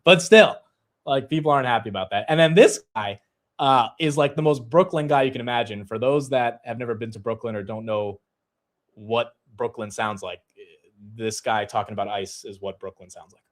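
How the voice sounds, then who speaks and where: A man hosting a livestream, giving casual, energetic market commentary with many fillers. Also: mid-range voice, normal speed. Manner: conversational, energetic, fillers like "you know". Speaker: stock market show host.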